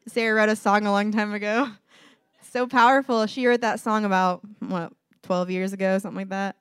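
A woman preaching in a casual, heartfelt way, her voice a little higher than most. She talks straight to her listeners and slips into quick quoted exchanges. The sound is dry and close, with no room echo. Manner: conversational, earnest, quotes voices in dialogue. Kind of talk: informal sermon.

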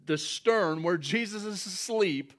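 A man preaching a sermon, animated and often chuckling as he acts out scenes. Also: sits high, measured pace. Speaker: pastor.

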